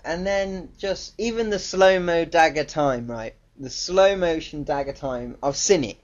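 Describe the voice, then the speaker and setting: A man's voice: a little high, unhurried. A man giving a casual, ranting film review, blunt, profane and exasperated, on a dull lo-fi recording.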